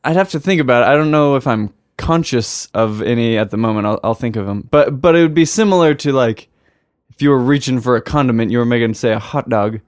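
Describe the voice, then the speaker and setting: A man's voice: mid-range voice, fast talker, no echo, studio quality. A young man in casual chat, talking hesitantly with many restarts.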